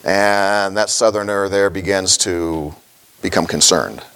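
A man's voice: low voice, steady tone, slow, a bit bright, slight background noise. A middle-aged man, a pastor, preaching a sermon in a folksy storytelling way, with many fillers and small chuckles.

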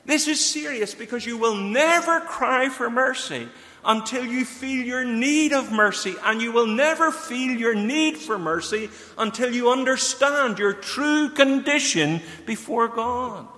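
A man's voice: very high-pitched, lively intonation, a little slow, sharp tone. A man preaching a sermon, earnestly putting questions straight to his listeners. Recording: long hall reverb.

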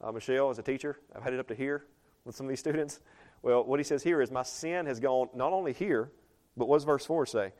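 Talking fast in a medium-pitched, darkish voice, the pastor preaches with a conversational feel. Scripture is read aloud in older English, and he puts questions to the congregation.

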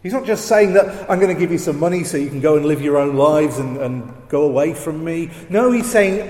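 A man preaching a sermon, slow and emphatic, leaning on repeated phrases. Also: on the high side, expressive, darkish tone. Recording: roomy hall echo.

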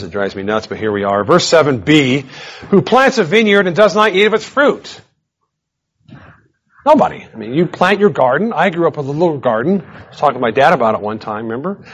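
A man giving a verse-by-verse Bible teaching, animated and emphatic, with casual conversational asides. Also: mid-range voice, brisk, dull audio.

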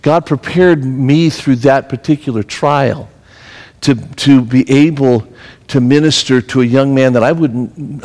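Pastor, male, mid-pitched, preaching in a church hall with long reverb, storytelling turning emphatic. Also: a little mellow. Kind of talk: sermon.

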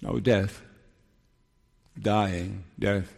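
Male preacher, sermon, slow deliberate delivery with hushed solemn turns, reverberant hall. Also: fairly low pitch, little pitch movement, creaky.

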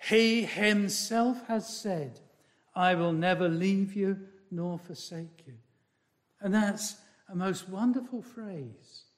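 A man preaching a sermon in a slow, emphatic way, repeating key phrases and swinging from loud declarations to hushed asides. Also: sits high.

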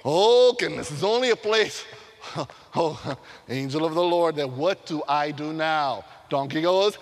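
Man, preacher, sermon, animated storytelling with sound effects, slow delivery, reverberant hall. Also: a little high.

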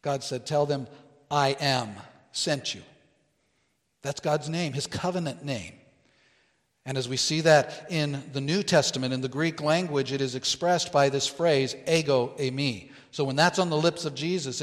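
A man preaching a sermon as pastor, teaching slowly and deliberately and stressing quoted phrases. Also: a little high, in a large hall.

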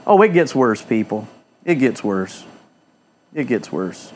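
A man's voice: medium pitch, very animated, measured pace, a little hiss or hum. A male pastor preaching a fiery sermon in a church, firing off rhetorical questions and repeating phrases for emphasis.

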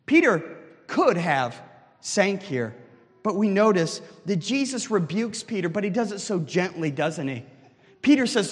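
A man with a high voice preaches in earnest, stopping often to put rhetorical questions to his listeners. His voice rings through a hall, and a long reverb follows each phrase. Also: expressive, moderate pace. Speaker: pastor. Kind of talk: sermon.

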